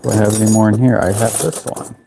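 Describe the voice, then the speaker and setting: A man's voice: fairly low pitch, level tone, fast talker, gravelly, background noise. A man from Canada, an artist talking to himself in a casual vlog while he builds a sculpture, half-singing a repeated phrase. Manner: mutters and half-sings a repeated working phrase.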